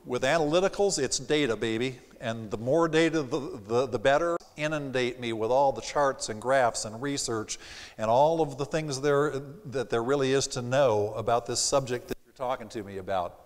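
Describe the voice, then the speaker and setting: A man in the middle of his range teaches a sales seminar from a theater stage, with a slight Southern accent. He is animated and slips into quick impressions of the people he describes. His voice rings out with the long reverb of the hall. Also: mid-range voice. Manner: animated, acts out quoted customers. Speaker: sales trainer. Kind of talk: live seminar presentation.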